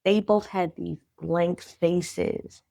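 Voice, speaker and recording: A woman's voice: on the low side, steady tone, extremely slow, gravelly, warm tone, no echo, clean studio sound. A woman guest on a podcast, earnestly and reflectively telling her own story of loss, faith and healing. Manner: earnest, reflective, talks through grief and faith. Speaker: guest, clothing brand founder. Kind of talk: candid personal storytelling.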